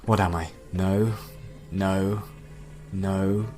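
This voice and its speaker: A man's voice: sits low, steady tone, drawn-out words, music in the background. A man playing a sneering newborn AI. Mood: bewildered. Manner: sardonic muttered asides, fake robot beeps. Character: newly awakened male AI, scornful and scheming. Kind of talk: comedy sketch acting.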